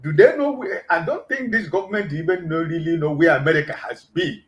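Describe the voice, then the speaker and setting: A man on an online panel discussion, explaining calmly with frequent filler sounds. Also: a little high, fairly quick, rough recording.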